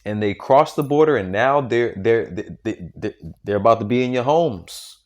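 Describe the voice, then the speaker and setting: A man's voice: mid-range voice, lively intonation, moderate pace, darkish tone, highs cut off. A man preaching informally and reading scripture, emphatic and repetitive, tagging lines with "man" and "okay?". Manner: repetitive, restarts sentences often.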